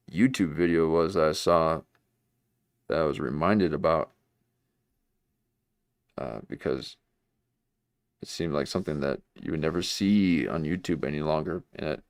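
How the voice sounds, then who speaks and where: A man's voice: a bass voice, no echo, clean studio sound. A man hosting a livestream, rambling in casual, self-mocking commentary. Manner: rambling, self-mocking, jumps into mock voices. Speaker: livestream host.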